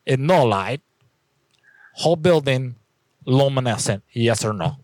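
A man puts on a prank caller with a jumbled mix of foreign accents who speaks in broken English. He presses the same baffled questions over and over at a middle pitch. The voice is close and dry. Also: lively intonation, darkish tone, no echo, close to an everyday voice. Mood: insistent. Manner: halting, baffled, pushy questions.

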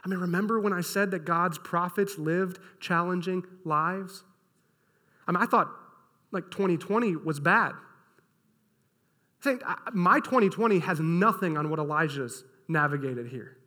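Bright, high-voiced male pastor. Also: unhurried. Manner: energetic storytelling, casual and animated. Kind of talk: sermon. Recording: long hall reverb.

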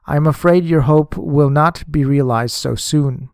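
A man's voice: fairly high pitch, unhurried, creaky, darkish tone, no room sound, clean studio sound. A man voicing a male assistant who disagrees firmly but politely.

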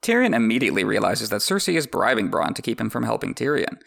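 A man's voice: medium pitch, very animated, quick pace, gravelly, fairly bright tone. A man hosting a podcast, reading a book aloud with wry, joking asides. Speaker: podcast host. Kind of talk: reading a book with comedic commentary.

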